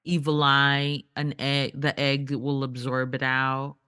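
A woman's voice: rumbling low, monotone, takes it slowly, bright, forceful tone, clean tone, no echo, clean studio sound. A woman co-hosting a podcast in casual chat, giggly and joking. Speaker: podcast co-host.

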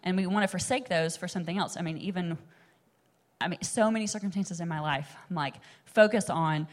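A woman's voice: fairly low pitch, brisk. A young woman giving a casual, chatty Bible teaching, full of fillers and asides. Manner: chatty, animated, many fillers like "like" and "um". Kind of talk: casual sermon-style teaching.

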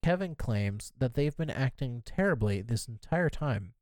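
A man co-hosts a podcast and recaps a TV episode in a loose, chatty storytelling style, peppering his speech with "like." His voice sits at a middling pitch for a man. The recording is close and dry, with no room sound. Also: lively intonation, measured pace, a little mellow, no room sound. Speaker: podcast co-host.

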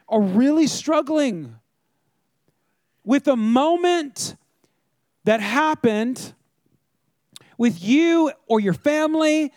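A middle-aged pastor with a strikingly high voice preaches in a loose, chatty way, spinning stories and calling out to his listeners. The sound is close and dry, with no room around it. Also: a little mellow, no room sound. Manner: chatty storytelling, addresses the audience directly. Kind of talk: conversational sermon.

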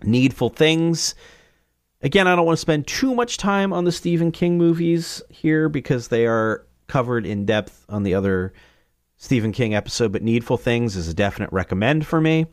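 A man hosting his own podcast, running through movie recommendations in a loose, rambling, jokey way, swearing freely and often jumping into excited, higher asides. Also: moderate pace, dry recording, studio quality. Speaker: podcast host. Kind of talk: casual solo movie review.

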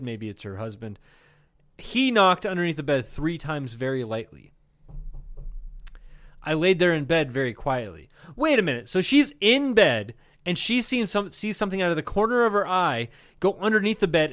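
A man co-hosting a casual comedy podcast, reading out a listener's story with running jokes and laughter. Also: fairly high pitch. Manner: animated storytelling, reads a letter aloud with quips and laughs. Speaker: podcast co-host.

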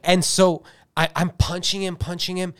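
A man's voice: high-pitched, little pitch movement, normal speed, fairly bright tone, clear, resonant tone. Rambling man spinning a comic tale. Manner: rambling, filler-heavy, self-interrupting. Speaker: podcast co-host. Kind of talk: improvised comic storytelling.

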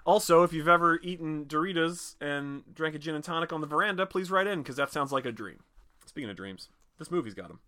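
A man co-hosting a casual movie podcast, talking in an animated way, swearing freely and acting out little quotes. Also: a little high, fairly quick. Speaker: podcast co-host.

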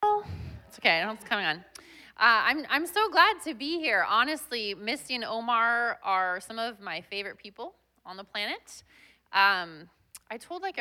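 A woman's voice: medium pitch, big pitch swings, moderate pace, pushed and bright. A young woman guest pastor giving a chatty, self-deprecating sermon with plenty of fillers.

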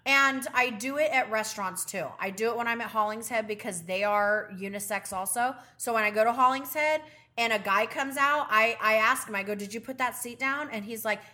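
A woman's voice: brisk, few pauses, bright, forceful tone. A middle-aged woman co-hosting a podcast, telling blunt, profane stories in casual chat and acting out what people said. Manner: acts out quoted voices in rising pitch. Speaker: podcast co-host.

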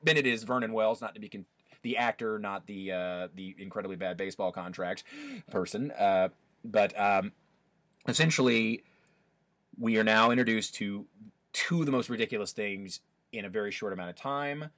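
A man with a bright, forward voice chats loosely on a podcast, circling back and restarting his thoughts. The sound is dry and close, with no room around it. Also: fairly low pitch, normal speed, no echo. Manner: chatty, rambling with many restarts. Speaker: podcast co-host. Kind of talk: casual chat.

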